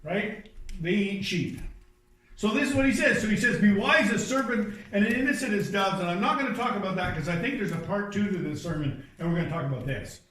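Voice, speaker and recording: Male pastor with a high voice, conversational sermon, distant mic in a reverberant church. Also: expressive, fairly quick, fairly bright tone. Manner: conversational storytelling with asides and restarts. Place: church sanctuary.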